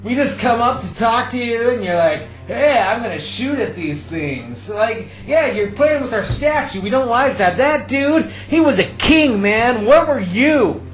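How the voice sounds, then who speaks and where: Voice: mid-range voice, expressive, measured pace, hardly any pauses, reverberant, faint music behind, pitched above the performer's own voice, natural voice. A game master voicing a fairy wolf in disguise that talks like an indignant bro and keeps saying dude and man.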